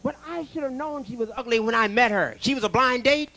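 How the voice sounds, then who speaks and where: A man's voice: extremely high pitch, brisk, bright, forceful tone. A man doing stand-up comedy on a club stage, firing brash one-liners and teasing the live audience. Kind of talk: stand-up comedy with crowd work.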